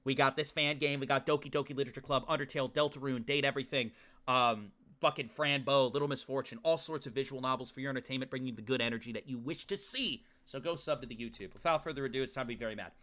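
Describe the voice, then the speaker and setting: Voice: medium pitch, quick pace, fairly bright tone. A streamer giving profane, ranting live gameplay commentary and chatting with viewers.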